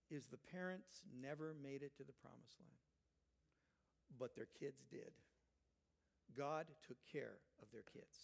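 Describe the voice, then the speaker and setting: An older male pastor delivers a sermon in a high-pitched, emphatic voice. He swings between loud, urgent quotations and soft, earnest asides to his congregation. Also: gravelly. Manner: emphatic, rising loud when quoting, dropping soft for asides.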